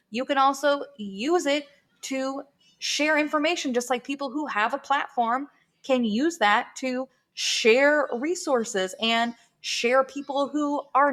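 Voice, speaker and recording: A woman's voice: sits high, fairly bright tone. A woman co-hosting a podcast, speaking in an emphatic, earnest, casual way. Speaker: podcast co-host.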